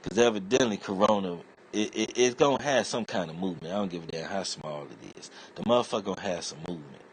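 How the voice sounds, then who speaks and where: Deep-voiced man in a profane comic rant. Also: quick pace, a little hiss or hum. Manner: profane, rambling, streetwise. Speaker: internet comedian. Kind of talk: comedic rant monologue.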